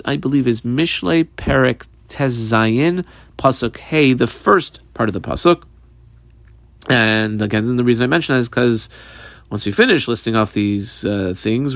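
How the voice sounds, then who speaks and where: A man leads a Talmud class, reading out Aramaic lines and then explaining them in English, pausing often with fillers. His voice sits at an ordinary middle pitch and sounds close and dry, with no room around it. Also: creaky, dry recording. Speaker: Talmud teacher.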